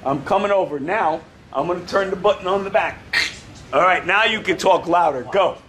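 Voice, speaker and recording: Male karate instructor, high and lively voice, playful teasing coach in an indoor studio with a faint hiss. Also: normal speed. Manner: playful, teasing, bursts into excited shouts. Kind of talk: coaching children in class.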